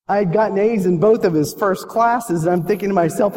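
Pastor guy, kinda high voice, earnest questions, big echoey church hall. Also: fairly quick, few pauses, mellow. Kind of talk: sermon. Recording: long reverb of a hall.

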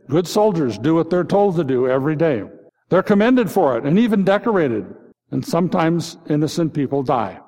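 A man's voice: fairly high pitch, a little mellow. Reflective male pastor, reverberant sound. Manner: reflective, repeated rhetorical questions. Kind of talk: Good Friday sermon. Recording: long reverb.

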